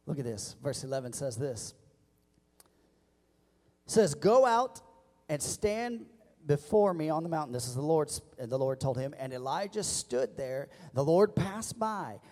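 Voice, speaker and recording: Man, pastor, sermon, call-and-response, high-pitched, long hall reverb. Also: lively intonation, unhurried. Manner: preaching with call-and-response, rising to loud emphatic peaks.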